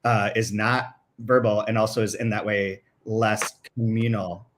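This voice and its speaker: A man's voice: fairly low pitch, little pitch movement, measured pace, a little hiss or hum. Male podcast host, casual book chat, loose, rambling delivery. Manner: loose and chatty, many likes and restarts.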